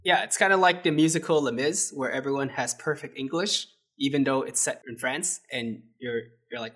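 A man's voice: mid-range voice, moderate pace, hardly any pauses, fairly bright tone. A man co-hosting a casual movie review chat, sarcastic and often laughing. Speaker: podcast co-host.

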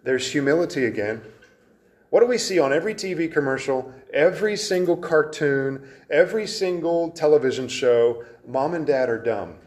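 A man's voice: fairly high pitch, lively intonation, moderate pace. A man preaching an expository sermon in an earnest, emphatic way, with frequent restarts as he explains the verses.

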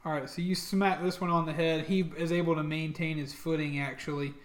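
A man running a tabletop game as game master, narrating in a relaxed, chatty way. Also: fairly high pitch, fairly quick. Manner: relaxed, chatty, laughs often.

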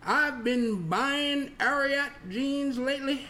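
A man's voice: very high-pitched, slow, bright, forceful tone, slight background noise, pitched above the performer's own voice, exaggerated voice. A man putting on a drawling mock Texas cowboy. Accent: put-on Texas. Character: exaggerated Southern cowboy man, folksy.

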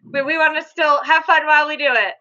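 A woman's voice: sits high, steady tone, quick pace, pushed and bright. A woman hosting a casual chat among mothers, upbeat and giggly. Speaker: podcast host. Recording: dull lo-fi sound.

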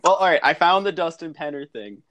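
Man, young adult, co-host, hockey podcast banter, relaxed, joking, slightly high voice. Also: brisk. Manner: relaxed, joking, easily amused. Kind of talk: casual hockey podcast chat.

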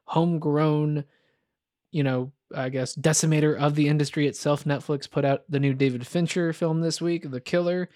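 A man's voice: on the high side, steady tone, normal speed, darkish tone, dry recording, studio quality. A man co-hosting a podcast, chatting casually and candidly about films, rambling with lots of fillers. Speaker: podcast co-host. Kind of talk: casual film chat.

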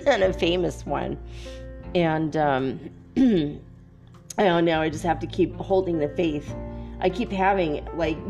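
A young woman telling a story in a casual monologue, dreamy and full of "like" fillers. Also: a little mellow. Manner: dreamy, many "like" fillers, quotes others in a higher voice. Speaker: spiritual vlogger.

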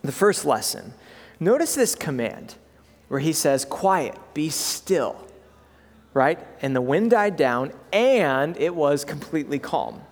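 Guy pastor giving a sermon, kinda high voice, lots of um and right?, echoey church hall. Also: sing-song, unhurried. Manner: conversational, with frequent fillers and "right?" check-ins.

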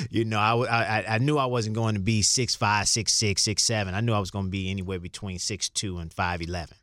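Speaking fairly quickly in a steady, low-leaning, slightly bright voice, an older former basketball player from Chicago spins rambling stories as a guest in a casual interview. He restarts often and acts out quoted lines. The recording is dry and clean, studio sound.

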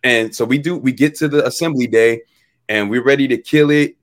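A young man, a musician guest on an interview show, telling a story in a relaxed, animated way. He laughs often and acts out what people said. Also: mid-range voice, brisk, no room sound.

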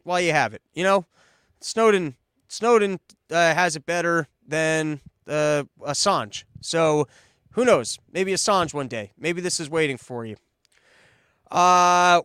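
A man's voice: high voice, fairly bright tone, smooth, no room sound, studio quality. A man giving a sarcastic, profane political monologue and mocking others in put-on voices. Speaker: political commentator. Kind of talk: opinionated monologue.

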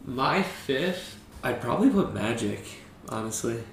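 A man's voice: mid-range voice, very animated, a little slow. Joking young man, echoey room. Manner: joking, playfully boastful. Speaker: podcast co-host. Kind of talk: casual chat. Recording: echoey room, faint background noise.

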